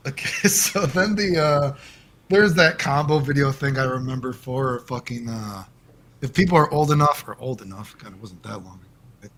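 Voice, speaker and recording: A man as the guest in a casual interview over a call, rambling and animated and swearing often. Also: medium pitch, moderate pace, a little hiss or hum.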